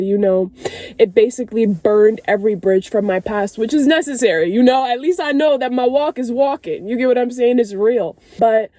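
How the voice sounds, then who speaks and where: A woman's voice: mid-range voice, mellow, no echo. A young woman in a candid faith vlog, crying at times and rambling with many fillers, talking from her parked car. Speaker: vlogger.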